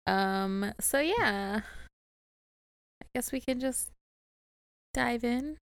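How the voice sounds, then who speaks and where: A woman of about thirty co-hosting a podcast in casual chat, relaxed and playful, tired and yawning. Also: on the high side, extremely slow, clean tone, no room sound. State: sleepy, yawning. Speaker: podcast co-host.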